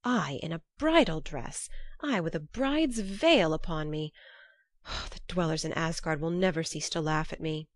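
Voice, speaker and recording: A woman's voice: sits low, animated, unhurried, dry recording, clean studio sound. A woman voicing a proud, hot-tempered male thunder god in a storybook reading. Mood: indignant. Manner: indignant, rough.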